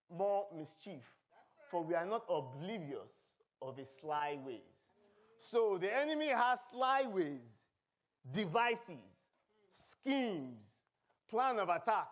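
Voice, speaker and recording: High-voiced Nigerian pastor preaching. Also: male voice. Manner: animated preaching with humor and call-and-response. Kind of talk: sermon. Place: church.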